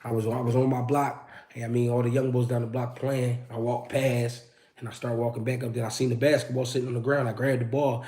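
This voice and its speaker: A man's voice: mid-range voice, level tone, brisk, dark tone. A man hosting a casual livestream, answering chat questions and telling street stories in a slangy, laid-back way. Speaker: host.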